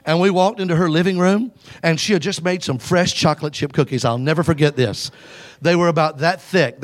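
A man preaching a sermon, telling a story with emphasis and calling on the congregation to answer back. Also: fairly high pitch. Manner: exhorting the congregation to call back.

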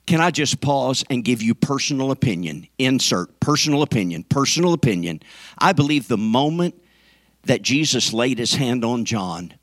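A man preaches, his voice sitting fairly high and sounding dry and close. He pushes from rousing shouts at the congregation down to soft, hushed lines. The delivery is fervent and pulpit-ready. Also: expressive, moderate pace, dry recording. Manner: fervent preaching that swings from shouts to near whispers, calls to the congregation. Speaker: pastor. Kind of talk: sermon.

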